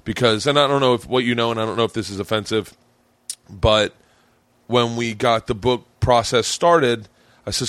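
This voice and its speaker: A man's voice: on the low side, fairly even intonation, a little fast, fairly bright tone, no echo. A man hosting a podcast in casual chat, rambling, laughing often and swearing. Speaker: podcast host.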